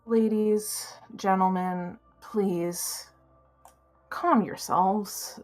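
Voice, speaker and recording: A woman voicing a calm, smug male AI that runs a facility, speaking slowly and politely with quiet menace, in a tabletop game. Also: medium pitch, soft background music. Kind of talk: tabletop game role-play.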